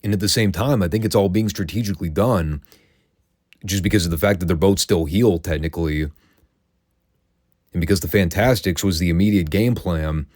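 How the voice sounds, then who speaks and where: A man's voice: low voice, moderate pace, a little mellow, dry recording, studio quality. A man hosting a casual solo recap show, telling the story in a chatty, wry, opinionated way. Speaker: wrestling recap host.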